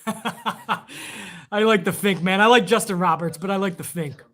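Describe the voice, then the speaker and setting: High, bright-voiced man hosting a stream. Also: a little slow. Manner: loose, rambling and profane, reading viewer donations aloud. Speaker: wrestling stream host. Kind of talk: casual live-stream chat.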